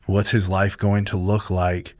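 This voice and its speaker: A man's voice: deep voice, flat delivery, unhurried, darkish tone, dry recording. A man chatting casually in a church talk show, earnest and telling a story with restarts. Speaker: pastor. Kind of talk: casual church podcast chat.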